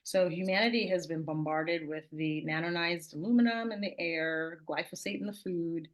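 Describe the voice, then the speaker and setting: A woman with a fairly low voice puts questions to the others in a relaxed fireside chat. She speaks hesitantly, pausing on fillers as she goes.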